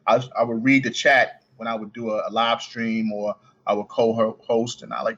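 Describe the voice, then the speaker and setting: A man with a Baltimore accent, a coin ring artist talking as a guest on a podcast, speaking quickly with the odd stutter and restart. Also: lowish voice, fairly even intonation, a bit bright, lo-fi sound. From Baltimore, United States. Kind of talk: casual podcast interview.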